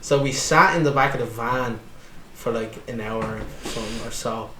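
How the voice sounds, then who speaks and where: A man's voice: mid-range voice, moderate pace, pushed and bright, a little hiss or hum. A young Irish man talking casually as a podcast guest, swearing freely and filling with "like". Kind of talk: casual chat. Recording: echoey room.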